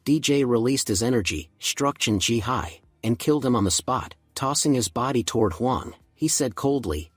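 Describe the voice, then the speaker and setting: A man's voice: mid-range voice, expressive, moderate pace, hardly any pauses, dry recording. Man narrating a story in a dry, close sound. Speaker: recap narrator. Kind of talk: scripted narration.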